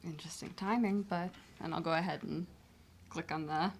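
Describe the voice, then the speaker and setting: A woman's voice: on the low side, steady tone, moderate pace, a little hiss or hum. A woman playing a tabletop game, talking in a thoughtful, questioning way. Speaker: player. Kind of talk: casual tabletop play.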